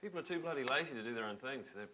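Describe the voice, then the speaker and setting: An actor with a New Zealand accent playing a blunt, swearing would-be politician who quickly gets indignant. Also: male voice, medium pitch, lively intonation, noisy background, close to an everyday voice. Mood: blustering. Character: brash, blustering male would-be politician. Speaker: election candidate. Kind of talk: mockumentary acting.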